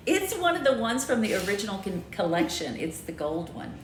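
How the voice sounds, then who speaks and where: A woman co-hosting a livestream, chatting in a relaxed, teasing, dry way. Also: medium pitch, measured pace, long pauses, echoey room, slight background noise. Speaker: co-host of a livestream. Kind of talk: casual chat. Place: home.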